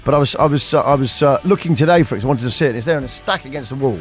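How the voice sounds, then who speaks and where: A man's voice: medium pitch, racing, soft background music. A man hosting a radio show, telling rambling anecdotes in casual chat. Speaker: radio host.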